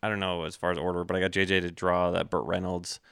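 A man's voice: sits low, completely flat delivery, fast talker, creaky, fairly bright tone, smooth, dry recording, studio quality. A man hosting a podcast in casual chat, telling rambling stories with many fillers and laughs. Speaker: podcast host.

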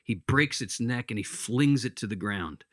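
A man's voice: lowish voice, lively intonation, normal speed, no room sound, clean studio sound. An earnest man retelling a story in conversation, with hesitant restarts. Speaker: speaker giving spiritual counsel.

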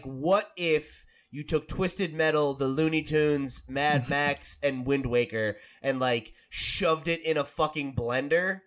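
An American man hosting a gaming podcast in casual chat, rambling with lots of filler and quick laughs. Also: medium pitch, a bit bright. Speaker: podcast host.

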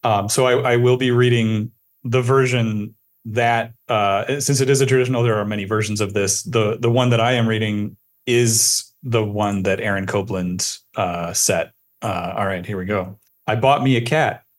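A man's voice: fairly low pitch, level tone, normal speed. A man in a casual podcast chat who talks hesitantly, with many fillers and a self-deprecating touch.

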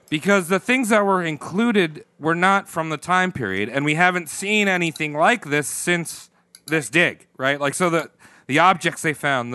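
A man's voice: fairly high pitch, bright, forceful tone, clean tone, no room sound. A man hosting a podcast, telling a history story in loose, jokey casual chat, laughing and swearing often. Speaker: podcast host.

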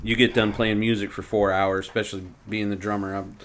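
A man's voice: lowish voice, a little fast. A man in a casual barbershop chat, joking and acting out other people's voices. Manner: animated, jokey, acts out voices. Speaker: barbershop regular.

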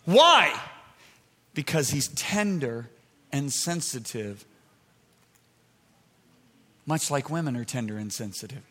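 Man preaching in a reverberant hall. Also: mid-range voice. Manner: swings between shouting and soft confiding. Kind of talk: sermon. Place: large hall with an audience.

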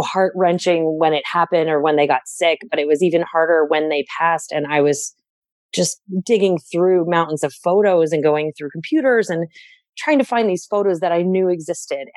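A woman's voice: low voice, a little mellow, no room sound. A woman talking candidly and reflectively as a guest in a casual interview, sometimes laughing at herself. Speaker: interviewee, organizing client.

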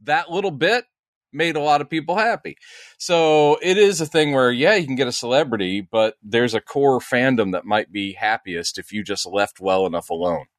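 A man's voice: mid-range voice, normal speed, no echo, clean studio sound. A man co-hosting a podcast in casual chat, talking with many fillers and restarts. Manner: chatty, hesitant with many fillers. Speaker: podcast co-host.

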